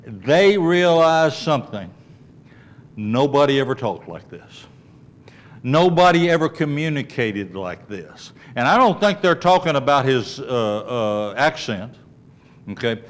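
A man's voice: medium pitch, big pitch swings, a little slow. A man teaching a conversational Bible lesson, explaining and often checking in with the class, thinking aloud with restarts. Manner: explains and asks the class, with frequent checks of "okay?".

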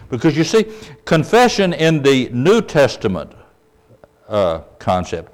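A man with a mid-range voice preaches a sermon emphatically, frequently checking in with his listeners and letting his phrases trail off softly.

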